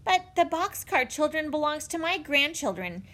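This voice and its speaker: A woman's voice: high-pitched, big pitch swings, normal speed, a bit bright, pitched above the performer's own voice. Woman reading as a kindly grandfather.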